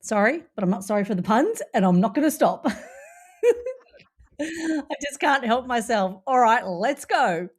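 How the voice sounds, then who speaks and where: A woman hosts a podcast with a mellow, warm tone and a mid-range pitch. She is playful and jokey, and encouraging toward her guest. Her delivery stays casual and chatty. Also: expressive, slow, long pauses. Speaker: podcast host.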